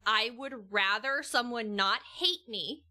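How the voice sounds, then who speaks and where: Young woman, casual vlogger, bright slightly high voice, rambly with restarts. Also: a little slow. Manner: rambling, many restarts and laughs. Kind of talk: casual chat.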